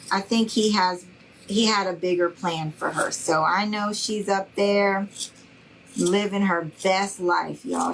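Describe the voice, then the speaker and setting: A woman's voice: lowish voice, slight background noise, poor audio. A middle-aged woman hosting a craft livestream, chatting casually and folksily with her viewers and calling them y'all. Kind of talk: casual chat with live viewers.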